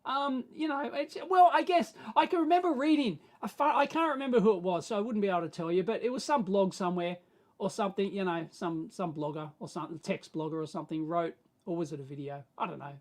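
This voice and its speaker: An Australian man hosting a live stream, answering viewer questions in a rambling, animated way that swings between mumbled asides and excited bursts. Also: sits high, quick pace. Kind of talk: casual live-stream chat.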